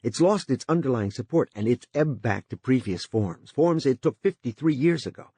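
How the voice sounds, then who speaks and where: A man's voice: mid-range voice, animated, moderate pace, warm tone, husky, no room sound, pitched above the performer's own voice. Joe Chip, a weary blunt man, read by a male narrator. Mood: insistent.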